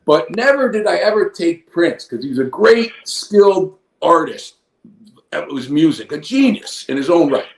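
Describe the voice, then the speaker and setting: With vocal fry, lively intonation, and a fairly high pitch, a man in his fifties talks at normal speed. A former pro wrestler appearing as a guest, he casually rambles through a long story full of swearing, recorded amid room echo.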